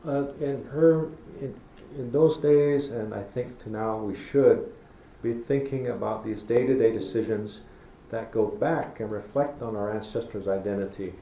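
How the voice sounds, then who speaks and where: A middle-aged public lecturer in a university lecture hall tells homespun stories and acts out conversations with kids. He speaks in a warm, lowish voice, unhurried yet with hardly any pauses. The echoey room adds faint noise.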